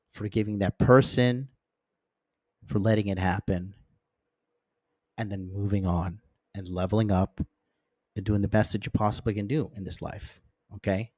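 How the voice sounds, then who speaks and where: A man's voice: darkish tone, dry recording, clean studio sound. A man hosting a livestream of dating advice, talking bluntly and with profanity, checking in with the chat and acting out friends in mocking voices. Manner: acts out friends and exes in mocking higher voices. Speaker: host.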